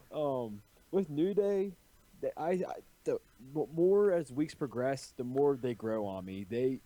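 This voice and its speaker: A man calling in to a live show, chatting casually in a relaxed and hesitant way. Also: medium pitch, takes it slowly, no room sound. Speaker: caller. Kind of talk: casual call-in chat.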